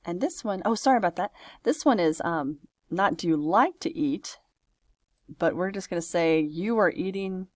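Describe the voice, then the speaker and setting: A woman's voice: lowish voice, expressive, normal speed, no echo. A woman French teacher walking through a homework exercise step by step, talking it through aloud in a patient, chatty way. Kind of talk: screen-recorded homework walkthrough.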